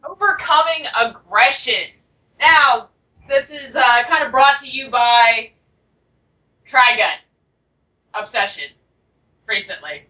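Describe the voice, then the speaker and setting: A woman hosting a casual call-in radio show, talking in a quick, rambling, self-aware way. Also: fairly high pitch, expressive, pushed and bright. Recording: voice from far off the mic.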